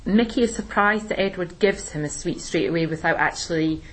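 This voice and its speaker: A woman teacher explaining a play in a relaxed discussion, with plenty of ums and restarts. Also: lowish voice, brisk, low-quality recording. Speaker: English teacher. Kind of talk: recorded literature lesson discussion.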